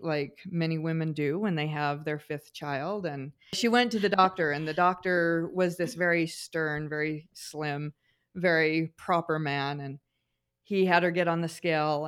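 A middle-aged woman with a somewhat low voice co-hosts a casual podcast. She tells family stories at length, with plenty of fillers and restarts along the way. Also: steady tone, unhurried, clean tone. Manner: warm storyteller, frequent fillers and restarts. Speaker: podcast co-host.

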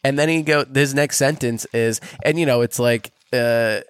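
A man's voice: medium pitch, moderate pace, clear, resonant tone, dry recording. Young guy telling a wild story on a podcast, swears a lot, laughs, dry mic. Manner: animated storyteller, profane, laughs often. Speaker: podcast co-host. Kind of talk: casual storytelling chat.

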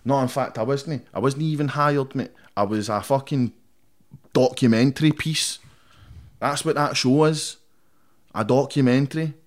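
A man's voice: mid-range voice, normal speed. A young Scottish man, a rapper guest in a casual interview, talking bluntly and defiantly with heavy swearing and constant "mate". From Scotland.

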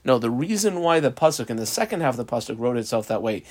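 A man's voice: mid-range voice, very animated, fast talker, darkish tone. A man teaching a Talmud page, reading the Aramaic phrase by phrase and explaining each in English, with frequent ums. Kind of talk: Talmud lesson reading and translating text.

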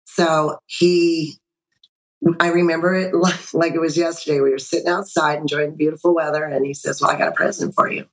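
A woman in her sixties, a podcast guest on a video call, telling a personal story in an animated way and acting out the dialogue. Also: low voice, fairly quick, poor audio.

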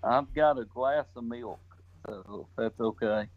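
A man's voice: mid-range voice, a little slow, crowd noise. A man from the American South co-hosting a podcast, chatting casually with dry humor. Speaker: podcast co-host. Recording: dull lo-fi sound.

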